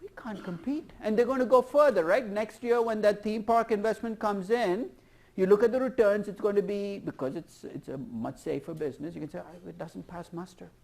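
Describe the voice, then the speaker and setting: A man lecturing a university class, lively and putting questions to the students. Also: sits high, fairly quick, vocal fry. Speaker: professor.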